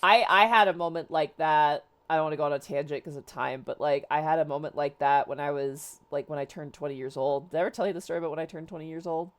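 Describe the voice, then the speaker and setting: A young woman with a low voice tells a story in casual chat. She rambles, restarts her sentences and leans on filler words. She talks as a streamer host. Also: quick pace, few pauses.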